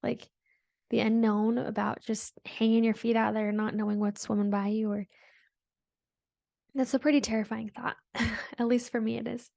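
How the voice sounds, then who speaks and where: A woman hosts a spiritual podcast alone, musing in a loose, reflective way. Her fairly high voice has a gravelly fry, and the sound is dry and close with no room echo. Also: little pitch movement, normal speed, pauses often. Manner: meandering, reflective, soft-spoken with frequent "like" fillers. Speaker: podcast host. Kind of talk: casual spiritual monologue.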